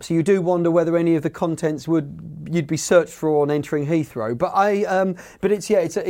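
A man's voice: a little high, darkish tone. A man on a comedy quiz panel, telling a rambling anecdote and interrupting himself. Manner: rambling, self-interrupting storytelling. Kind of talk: casual anecdote.

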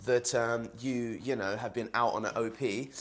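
A man's voice: mid-range voice, fairly even intonation, moderate pace. A man from London with a London accent, talking through a casual solo podcast in a home, rambling with many fillers and restarts. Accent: London English. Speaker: podcast host. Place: indoors in a home kitchen while boiling eggs.

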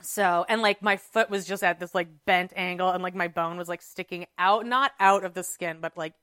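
A woman co-hosting a podcast recounts a story with animated, dramatic energy and lots of filler words. Her voice is bright and crisp. The sound is dry and close. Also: lowish voice, moderate pace, no echo. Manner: animated, dramatic retelling with many "like"s. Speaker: podcast co-host. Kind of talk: casual storytelling chat.

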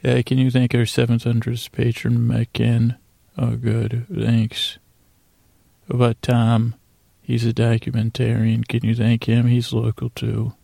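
A man's voice: medium pitch, completely flat delivery, unhurried, gravelly, dark tone, no echo. A man hosting a podcast, rambling playfully as he thanks listeners and talks to imaginary creatures. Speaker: podcast host. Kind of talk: casual, playful thank-you segment.

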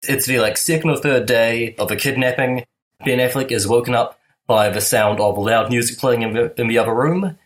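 A male co-host walks through a film scene beat by beat in relaxed conversation. He tells it in a deadpan, wry way, with a voice of middling pitch for a man. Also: fairly quick, rough recording. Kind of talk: casual film discussion, retelling a scene.

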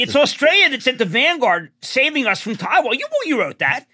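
Excitable man in his sixties, high voice. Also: brisk, hardly any pauses. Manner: excitable, rambling storyteller, rises to near-shouts. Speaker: guest. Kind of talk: animated conversation.

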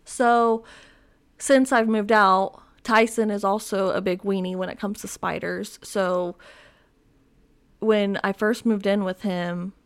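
A woman's voice: medium pitch, fairly even intonation, slow pace, clear, resonant tone. Rambling young woman podcast host. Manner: rambling, self-deprecating, lots of fillers. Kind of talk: casual solo chat.

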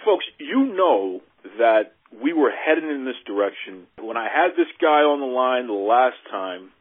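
An animated male podcast host whose husky voice swings up and down as he pleads in mock frustration. He sounds thin and tinny, as if on a phone line. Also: medium pitch, measured pace. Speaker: podcast host interviewing a guest. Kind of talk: casual phone interview.

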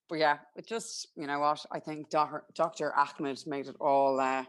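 A young Irish woman chatting casually, telling a story with lively acted-out quotes and frequent laughs. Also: low-pitched, normal speed, hardly any pauses. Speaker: podcast guest telling a birth story. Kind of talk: casual chat.

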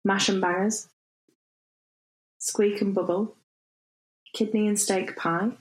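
A woman's voice: mid-range voice, fairly even intonation, takes it slowly, low-quality recording. Playful British woman podcast host. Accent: British English. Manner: playful, teasing, laughs often. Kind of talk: casual podcast chat.

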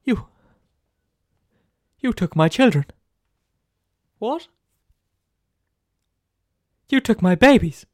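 A man's voice: high voice, expressive, drawn-out words, long pauses, a little mellow, voice pushed up, heavily acted. A bitter, theatrical talking dog, voiced by a man in a comedy sketch. He speaks in a raised, strained voice and wails his grievances at his owner as if on stage. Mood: outraged. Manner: accusing, theatrical wailing. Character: bitter, melodramatic pet dog given speech.

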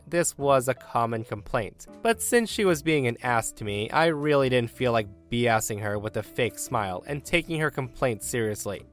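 A man reading a Reddit story aloud and acting out the quoted lines with an animated delivery. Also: mid-range voice.

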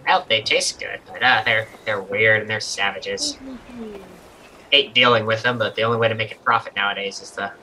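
Dismissive sailor guy, the game master putting him on, grumbly and folksy, bright sharp tone. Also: lowish voice, moderate pace, slight background noise, rough recording. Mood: grumbling. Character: grumpy male sailor, boat crewman.

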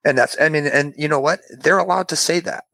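A man chatting casually, telling animated stories and acting out the people he quotes. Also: a little high, a little fast, vocal fry, no echo. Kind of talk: casual chat.

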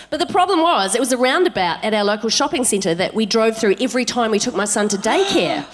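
A woman's voice: on the high side, fast talker, hardly any pauses, a little hiss or hum. A woman in her thirties, a podcast co-host telling a comic story live on stage, laughing as she goes. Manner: animated, laughing through her own story. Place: live stage in front of an audience.

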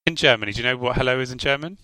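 A man's voice: mid-range voice, racing, bright, forceful tone, clean tone, dry recording. A man co-hosting a podcast in casual chat, with dry, teasing banter. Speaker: podcast co-host.

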